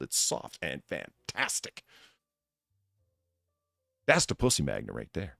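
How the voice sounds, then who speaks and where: A man hosting a casual chat about accents, animated and a little crude, often trailing off mid-sentence. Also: very deep voice, a little slow, vocal fry, pauses often, no room sound, studio quality. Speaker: podcast host.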